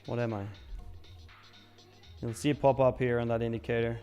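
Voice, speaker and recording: A man's voice: mid-range voice, flat delivery, normal speed, warm tone, muffled recording, faint music behind. Chatty man hosting a live trading stream. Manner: chatty, reads viewer questions aloud and answers. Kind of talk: casual live market commentary.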